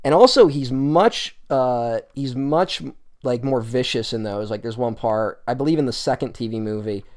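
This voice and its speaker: A man's voice: medium pitch, normal speed, darkish tone. A man co-hosting a podcast, talking casually and enthusiastically about an old detective show. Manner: enthusiastic, quotes scenes in put-on voices, swears casually. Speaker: podcast co-host. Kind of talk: casual film podcast chat.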